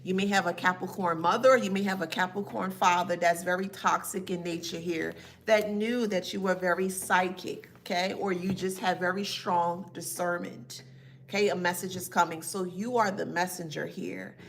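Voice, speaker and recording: A woman's voice: on the low side, fairly even intonation, normal speed, gravelly, fairly bright tone, slight background noise. A woman doing a live tarot reading who talks to her chat in a sassy, emphatic way and laughs often. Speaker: tarot reader.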